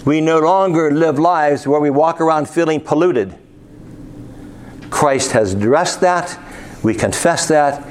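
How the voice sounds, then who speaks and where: A man's voice: mid-range voice, slight background noise. A man preaching a sermon, reading scripture aloud and asking his listeners rhetorical questions.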